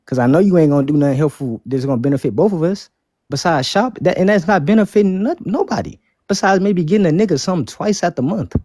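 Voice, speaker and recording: A man's voice: on the high side, animated, quick pace, dark tone, dry recording, clean studio sound. A young man arguing defiantly and with heavy profanity in a heated debate. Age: young adult. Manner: profane, defiant, talks over others.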